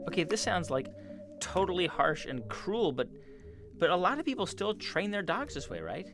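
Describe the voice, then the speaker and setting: A man's voice: high voice, big pitch swings, normal speed, music in the background. A man hosting a radio program, narrating and interviewing a guest in a conversational, probing way. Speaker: radio host.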